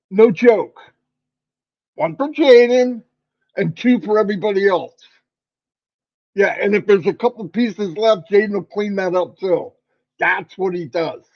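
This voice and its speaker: A man hosting a livestream, giving an animated, folksy motivational talk. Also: sits high, highs cut off. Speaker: livestream host.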